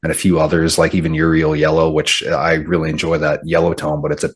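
A man hosting a casual podcast chat, relaxed and candid, passing the turn to others. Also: rumbling low, fast talker, breathy edge. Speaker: podcast host.

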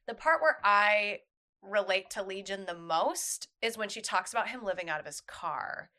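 A woman's voice: mid-range voice, animated, normal speed, sharp tone. A woman co-hosting a podcast, speaking candidly in casual conversation. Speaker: podcast co-host. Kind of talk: casual chat.

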